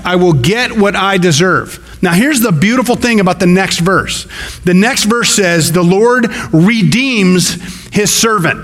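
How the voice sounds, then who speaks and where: A man's voice: high voice, a bit bright. A man preaching a sermon as pastor, in a conversational way with folksy asides. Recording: long hall reverb.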